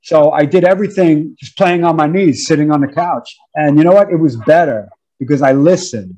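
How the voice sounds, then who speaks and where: A man in his fifties with a New York accent, a guest musician telling stories in a casual interview, animated and acting out counts and quotes. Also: fairly high pitch, normal speed, lo-fi sound. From United States. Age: 50s. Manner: animated storyteller, acts out counts and quotes, says "man" often.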